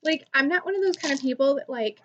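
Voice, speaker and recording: A woman's voice: high-pitched, fast talker, fairly bright tone, a little hiss or hum. A young woman playing a ditzy, self-absorbed valley-girl YouTuber in a comic monologue, rambling and saying "like" constantly. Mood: chatty, indignant. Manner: says "like" constantly, gossipy rambling. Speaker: comedy channel host.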